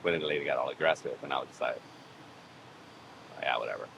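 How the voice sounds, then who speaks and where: A man's voice: rumbling low, steady tone, very fast, a bit bright, poor audio. A man chatting casually as a podcast guest, rambling through a story and acting out the voices of others. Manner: rambling, acts out quoted voices. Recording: background noise.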